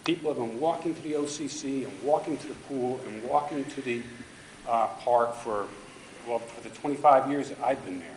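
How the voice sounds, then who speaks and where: A man's voice: mid-range voice, normal speed, darkish tone, slight background noise. A man giving public comment at a city council meeting, pressing pointed objections with emphasis. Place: council chamber. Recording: echoey council chamber.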